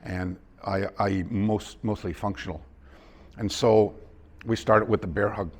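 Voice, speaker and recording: A man's voice: fairly low pitch, fairly even intonation, a little slow. A male martial arts instructor teaching a seminar, telling anecdotes with frequent restarts and acting out his students' lines. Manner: storytelling, acts out quoted students, frequent restarts. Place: dojo training hall.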